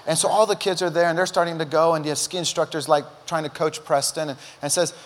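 A man's voice: on the high side, fast talker. A middle-aged male pastor preaching a sermon, telling stories animatedly and acting out quotes. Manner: animated storytelling, acts out quotes. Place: church auditorium. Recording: long hall reverb.

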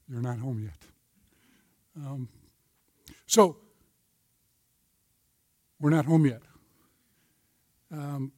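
High-voiced older man teaching a men's Bible study. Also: darkish tone, no echo. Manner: storytelling, folksy, with scripture references. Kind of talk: sermon-style teaching.

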